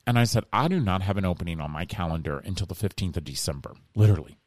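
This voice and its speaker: A middle-aged man, a guest in a casual interview, telling a story in an animated way and acting out the voices of the people he quotes. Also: low voice, rapid-fire, no room sound, studio quality.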